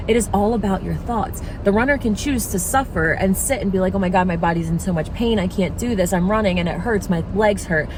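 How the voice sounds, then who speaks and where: A young woman vlogger in casual reflective chat, talking in an earnest, musing way and stretching words out for emphasis. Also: medium pitch. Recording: noisy background.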